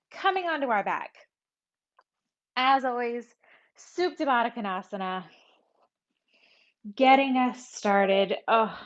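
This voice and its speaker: A woman teaching a yoga class, giving calm, conversational instructions and breathing cues. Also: medium pitch, highs cut off.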